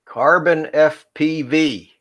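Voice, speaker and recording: A man's voice: a little high, slow, fairly bright tone. A man co-hosting a live drone chat stream, chatty and laughing often as he greets viewers by name.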